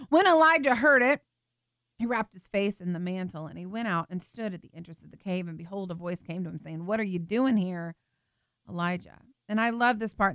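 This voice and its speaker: A woman's voice: medium pitch, fairly bright tone, no room sound, clean studio sound. A woman hosting a faith show, teaching earnestly and tenderly and reading scripture aloud with expression. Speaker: show host teaching the Bible.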